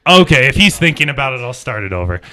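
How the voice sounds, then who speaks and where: A man running a tabletop game as game master, narrating the scene in a dramatic, animated way. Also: mid-range voice, quick pace. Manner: dramatic, animated storytelling with second-person narration.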